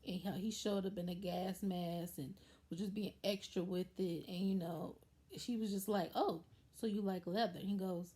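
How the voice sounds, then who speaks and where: A woman hosts her own online review show, chatting through a TV episode in a loose, animated way. Her voice sits at a middle pitch with a mellow, warm tone. She acts out little quoted asides as she tells the story. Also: moderate pace. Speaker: YouTube show host. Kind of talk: casual episode recap.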